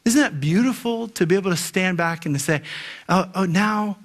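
A man preaching a sermon to his congregation, his voice sitting a little higher than most men's. He tells a parable, slows right down to land key lines, and presses the congregation with rhetorical questions. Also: expressive. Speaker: pastor. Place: church sanctuary.

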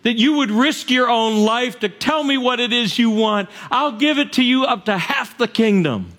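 A man's voice: very high voice, expressive, moderate pace, a bit bright, pitched above the performer's own voice. A man voicing an earnest questioning king. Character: puzzled, generous ancient king, a man.

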